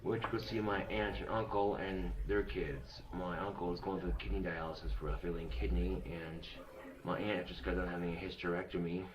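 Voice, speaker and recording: A young man bluntly retelling a story to camera, profane and animated. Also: low-pitched, brisk, background noise.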